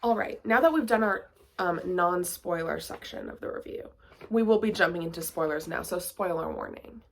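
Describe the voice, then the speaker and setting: A woman's voice: lowish voice, expressive, normal speed, background noise. A woman giving a casual vlog book review, chatty and full of "like" and playful sarcastic asides.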